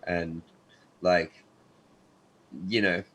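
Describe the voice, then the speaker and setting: A man's voice: deep voice, flat delivery, drawn-out words, a bit bright, poor audio. A young Australian man chatting loosely on a podcast, full of "like" and "you know". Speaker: podcast guest, actor and athlete. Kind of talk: casual podcast chat.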